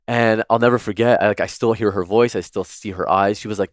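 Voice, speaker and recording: A man's voice: on the low side, steady tone, fairly quick, no echo, studio quality. A man who is a podcast guest, telling stories in a chatty, earnest way with lots of fillers like "like" and "you know.". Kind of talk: casual storytelling in interview.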